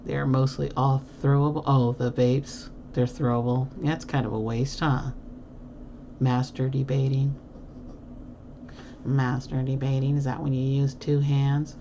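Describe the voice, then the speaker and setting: A low-pitched woman hosts a casual livestream, answering viewer comments in a rambling, teasing way with plenty of fillers and laughter. The audio is muffled and lo-fi, with a faint hiss underneath. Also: steady tone, moderate pace, few pauses, dark tone. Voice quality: chatty, rambling with many fillers. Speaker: livestream host.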